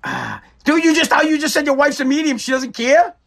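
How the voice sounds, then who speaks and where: High-voiced rambling male host. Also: fairly even intonation, quick pace, a bit bright. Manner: rambling, joking, profane. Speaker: show host. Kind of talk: casual live-stream chat.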